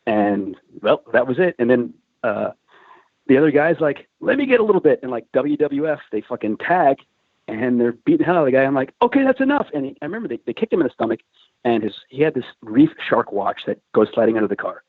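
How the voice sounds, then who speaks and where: Casual male podcast guest with animated, profane storytelling; dry, phone-thin audio. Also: mid-range voice, a little fast, no echo. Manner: animated, swearing, acts out shouted quotes. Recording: dry, tinny phone-like sound.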